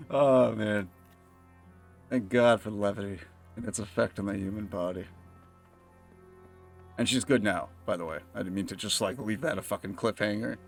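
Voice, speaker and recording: A man's voice: fairly low pitch, normal speed, gravelly, long pauses, faint music behind. A young man livestreaming a game, telling rambling, profane stories and laughing often. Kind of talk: casual chat while gaming.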